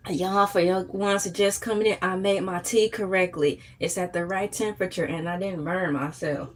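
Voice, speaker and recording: A woman hosting a casual morning livestream chat, playful and animated, often jumping into high squeals. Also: moderate pace. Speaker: livestream host.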